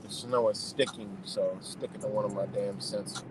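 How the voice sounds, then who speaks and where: A man's voice: fairly low pitch, fairly even intonation, normal speed, noisy background. A man ranting casually and profanely from his car on a live stream, rambling and saying "you know" over and over. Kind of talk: casual rant. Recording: clear music under the voice.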